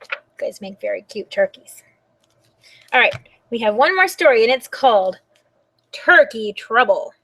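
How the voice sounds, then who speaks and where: High animated lady reading picture books to little kids at the library, super sing-songy. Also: moderate pace, pauses often, no echo. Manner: animated and sing-song, asking children questions. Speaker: children's librarian. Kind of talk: children's storytime read-aloud.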